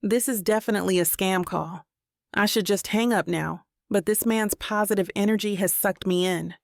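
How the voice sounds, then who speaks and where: A woman's voice: medium pitch, moderate pace, vocal fry, dry recording, studio quality. A woman narrating a first-person romance audiobook in an intimate, reflective manner.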